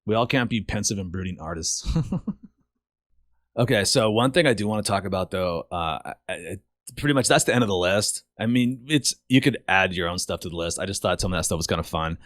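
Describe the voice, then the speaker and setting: A low-pitched man speaks casually and candidly, his voice rising and falling widely as he acts out quotes from his own stories. The sound is dry and close, with no room echo. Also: a little fast. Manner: candid, animated storytelling with mimicked quotes; frequent restarts and swearing. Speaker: podcast host. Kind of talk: casual monologue.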